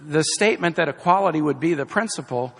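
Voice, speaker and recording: This political campaign speaker talks fast with lively intonation, his slightly high voice creaky and fairly bright, trailing long reverb. The middle-aged man hammers home repeated key phrases at a rally, outdoors or in a hall, over faint crowd noise.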